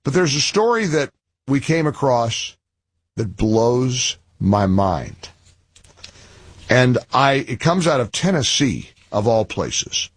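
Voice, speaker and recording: A man hosting an opinion commentary monologue, talking emphatically and indignantly and building his points through repeated phrases and pauses. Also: mid-range voice, very animated, breathy edge, no room sound. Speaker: political commentary host.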